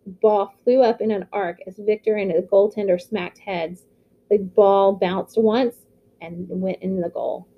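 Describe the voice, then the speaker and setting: A woman's voice: medium pitch, steady tone, unhurried. Woman reading a novel aloud, muffled. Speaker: audiobook reader.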